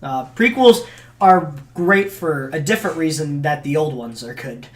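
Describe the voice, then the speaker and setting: A young man co-hosting a podcast, chatting in an excitable, teasing way. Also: fairly high pitch, normal speed. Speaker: podcast co-host. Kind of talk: casual chat.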